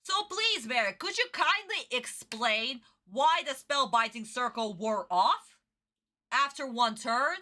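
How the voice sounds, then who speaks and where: A woman's voice: a little high, lively intonation, slow, bright, forceful tone. A woman streamer giving a casual reaction commentary, ranting and swearing in frustration.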